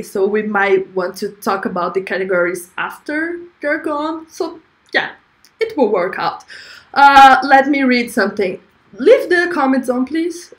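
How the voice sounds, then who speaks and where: Woman, stream host, fairly high voice; chatty, giggly, stumbles and restarts. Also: pushed and bright. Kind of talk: casual live-stream chat.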